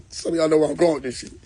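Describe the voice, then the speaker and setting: Recorded on a phone, a man hosting a live stream shares comedic tales in a relaxed way, acting out both halves of every dialogue and breaking into frequent laughter. His voice is fairly high yet dark in tone, with a slight roughness.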